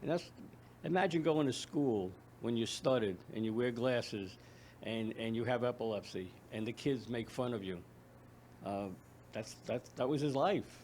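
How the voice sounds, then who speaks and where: Mellow-voiced man, halting guest. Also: medium pitch, lively intonation, slight background noise. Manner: halting, repeats words when speaking freely. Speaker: guest, foundation founder. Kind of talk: conversational interview, reading poetry aloud.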